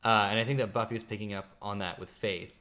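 A man in casual podcast conversation, relaxed and joking between thoughtful points. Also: fairly low pitch, fast. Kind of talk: casual chat.

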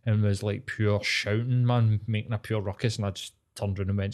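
A man's voice: lowish voice, little pitch movement, normal speed, a little mellow. A Glaswegian man co-hosting a podcast, telling stories in a loose, sweary way. He acts out the people he meets and keeps the chat casual. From Scotland. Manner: sweary, storytelling, acts out quoted voices. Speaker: podcast co-host.

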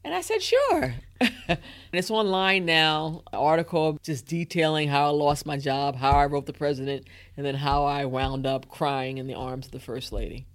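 A woman in her thirties, a guest in an interview, telling a personal story in a lively way and acting out her own thoughts and other people's words. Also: low-pitched, moderate pace. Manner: lively, acts out inner thoughts and quotes.

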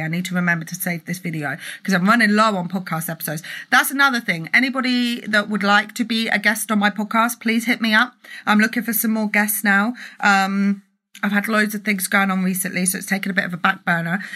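A woman's voice: medium pitch, bright, forceful tone. A woman, an entrepreneur and mentor, giving a passionate live-stream rant to an online group, emphatic and swearing freely, recorded on a phone or webcam. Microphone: phone or webcam for a live video.

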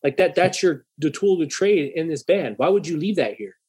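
A man's voice: fairly high pitch, normal speed, husky. A young man casually telling a story, swearing freely and acting out a heated argument in quoted dialogue. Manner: profane, animated, acts out heated dialogue.

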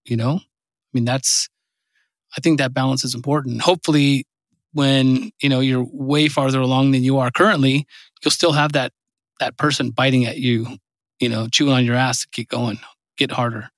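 Man, medium pitch, earnest podcast host, lots of fillers, dry close mic. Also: steady tone, normal speed, dry recording. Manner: earnest, encouraging, filler-heavy. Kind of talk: casual chat.

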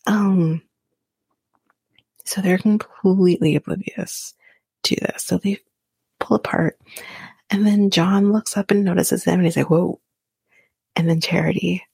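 A woman's voice: mid-range voice, fairly even intonation, unhurried, vocal fry, pauses often, a little mellow, slightly rough, no echo. A woman giving a whispered reality TV recap in a casual, profane way, laughing now and then as she talks.

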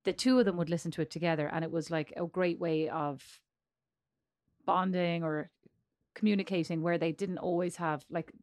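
A woman's voice: fairly low pitch, steady tone, normal speed, a little mellow. A middle-aged woman with an Irish accent co-hosting a podcast in casual chat, teasing and rambling, laughing often. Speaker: podcast co-host.

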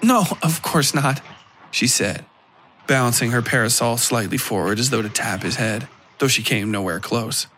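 A man reading a dark fiction story aloud in a measured narration style. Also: lowish voice, a little hiss or hum. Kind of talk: scripted horror story narration.

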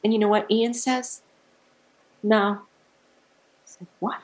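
A middle-aged woman musician, a guest telling stories in a casual interview, animated and laughing often as she acts out what people said. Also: fairly high pitch, unhurried.

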